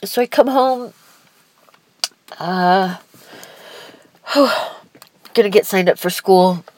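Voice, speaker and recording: A young woman telling a personal life story candidly, in a halting, emotional way with restarts and sighs. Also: mid-range voice, darkish tone, no echo, poor audio.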